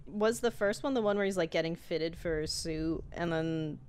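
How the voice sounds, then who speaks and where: A woman's voice: lowish voice, normal speed, darkish tone, clear, resonant tone. A young woman co-hosting a casual podcast chat, asking questions and laughing often. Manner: questioning, giggly, conversational.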